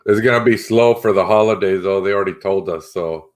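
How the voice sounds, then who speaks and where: A young man co-hosting a live stream, relaxed and rambling, who reads out viewers' comments. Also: low-pitched, brisk. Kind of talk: casual chat.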